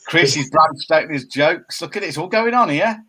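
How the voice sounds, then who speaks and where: A middle-aged man, co-hosting a casual chat show from home and given to animated, jokey rants. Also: a little high, normal speed, husky. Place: home room by a window. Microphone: laptop camera.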